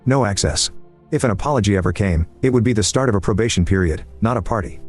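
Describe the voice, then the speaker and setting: A man reading a first-person story aloud in an even, measured scripted narration. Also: on the low side, slightly rough. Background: faint background music.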